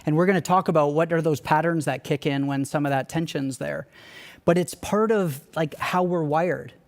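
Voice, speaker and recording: Young male church staff speaker, slightly high voice; earnest, candid, conversational storyteller. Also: normal speed. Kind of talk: personal storytelling talk.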